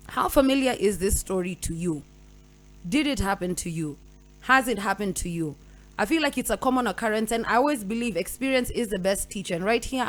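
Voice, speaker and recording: A young Kenyan woman hosting a radio talk show, telling a story with lively voices for each side and slipping Swahili slang into her English. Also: fairly high pitch. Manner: animated storytelling, acting out both partners. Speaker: radio host.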